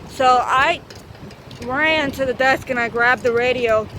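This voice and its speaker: A woman's voice: high voice, a little slow, bright, forceful tone, slight background noise, low-quality recording. A woman in her thirties telling a storytime vlog while riding a bike outdoors, rambling, repetitive and full of swearing. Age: 30s. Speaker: vlogger.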